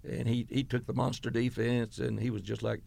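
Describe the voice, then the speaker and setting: A man's voice: medium pitch, little pitch movement, moderate pace, vocal fry, a little mellow. A man in his eighties, a retired football coach, telling long, meandering stories from his career in an oral history interview, full of fillers and quoted dialogue. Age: 80s.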